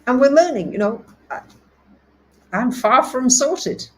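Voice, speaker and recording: Woman, astrology host, soothing, slow unhurried delivery, soft low affirmations. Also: lively intonation, low-quality recording. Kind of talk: live-stream talk reading viewer comments.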